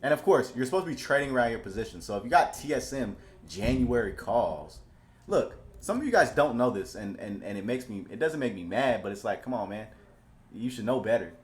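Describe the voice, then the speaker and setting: Dude talking stocks over charts, mid pitch, gets hyped then chills out, keeps restarting. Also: male voice, fairly quick. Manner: animated, swings from calm to excited; repeats himself and restarts often. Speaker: stock market commentator. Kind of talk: casual market commentary over charts.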